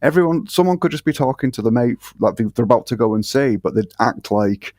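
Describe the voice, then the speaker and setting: A man on a podcast complains bluntly, swearing as he goes. His voice sits at an ordinary pitch and sounds dry and close to the mic. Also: expressive, quick pace, darkish tone, no room sound. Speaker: podcast guest. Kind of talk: casual podcast chat.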